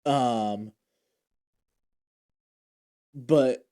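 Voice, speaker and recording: A man's voice: medium pitch, very slow, warm tone. A man recapping TV episodes in a casual, emotional way, often restarting his sentences as he retells scenes. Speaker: show recap vlogger. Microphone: handheld or desk mic he adjusts.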